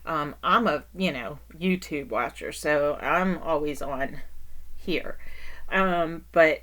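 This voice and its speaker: This middle-aged woman has a deep voice and a slow pace. In a casual vlog she tells stories from her life as a caretaker and parent, laughing often and throwing in exaggerated, animated asides.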